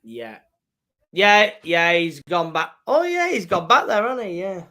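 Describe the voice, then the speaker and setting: A man's voice: high-pitched, sing-song, a little slow, pushed and bright. A man co-hosting a live stream, chiming in with short, agreeing replies in a casual football chat.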